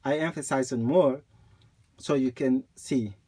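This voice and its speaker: Slow, deliberate male Quran teacher. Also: medium pitch, mellow. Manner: deliberate, repeats points, recites examples aloud. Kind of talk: slow explanatory lesson with recitation examples.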